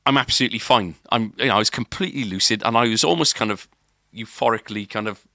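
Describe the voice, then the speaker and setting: A man's voice: lowish voice, fast talker, bright, forceful tone, no echo, clean studio sound. A man, a podcast co-host, telling a long story in casual chat, rambling with restarts and filler words.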